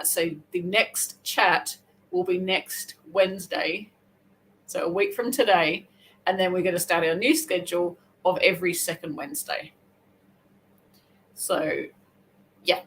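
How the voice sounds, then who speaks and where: A woman's voice: medium pitch, a bit bright, poor audio. Chatty Australian woman hosting a live chat. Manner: chatty, rambling, quick self-corrections. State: hair wet, just out of the shower. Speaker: crochet livestream host.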